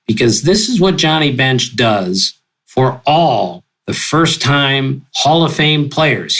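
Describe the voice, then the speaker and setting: An older man telling stories with exuberant energy, his pitch leaping up for punchlines. He speaks at a mid pitch and keeps up an animated, storytelling pace. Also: rough recording. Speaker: guest sportswriter. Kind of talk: storytelling interview.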